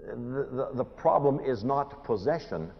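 A man preaching a sermon, animated and pleading, with dramatic pauses. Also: mid-range voice, breathy edge. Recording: muffled hall recording with long reverb.

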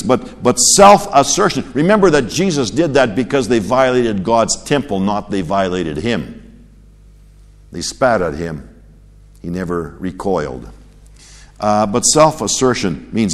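A male preacher delivers a sermon with lively emphasis, swinging from loud, forceful peaks down to hushed, low asides. He sits at a middle pitch for a man. The sound carries a long reverb tail, as if he is in a large hall. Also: measured pace.

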